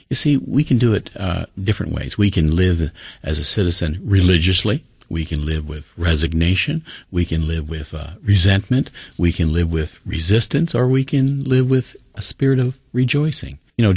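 A pastor delivering a sermon in an earnest, repetitive preaching cadence. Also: male voice, deep voice, creaky, breathy edge, no echo, clean studio sound.

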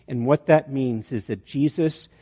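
A man's voice: mid-range voice, unhurried, mellow, slightly rough. A man preaching a sermon, telling a long illustration with many restarts and building to emphatic peaks. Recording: dull sound with long hall reverb.

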